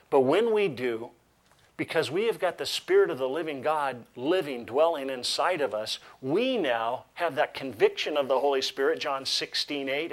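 Male pastor delivering a lively sermon; reads scripture with emphasis, jokes with the audience. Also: mid-range voice. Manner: animated preaching with humorous asides.

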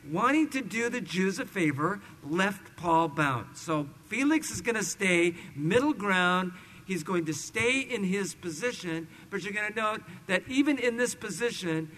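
A middle-aged man preaching a sermon to his congregation. He tells a story with animation, swinging between loud emphasis and hushed asides. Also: high-pitched, slight background noise, rough recording. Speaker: pastor. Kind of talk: expository sermon with personal stories.

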